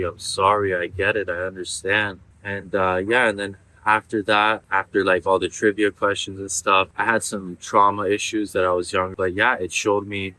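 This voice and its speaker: A man's voice: low-pitched, pushed and bright. A man in his thirties giving a candid personal testimonial in an earnest, rambling way, leaning on "you know" and "like". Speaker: former patient giving a testimonial.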